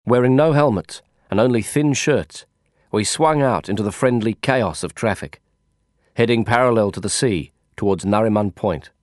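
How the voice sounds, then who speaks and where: A man narrating a first-person audiobook in a wry, descriptive, expressive way. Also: fairly low pitch, moderate pace, no echo, studio quality.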